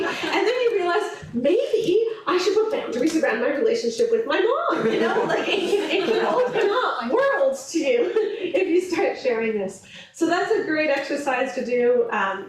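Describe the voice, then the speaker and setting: Brief: chatty woman speaker, fairly high voice, live talk, heavy hall echo, distant mic. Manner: animated, chatty, laughs often, acts out quotes. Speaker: event speaker on marriage.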